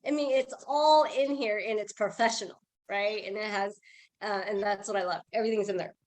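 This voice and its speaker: A woman telling a casual sales story on a group call, chatty and animated, acting out what people said. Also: medium pitch, fairly quick. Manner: chatty, animated, acts out quoted dialogue. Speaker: team member sharing a sales story.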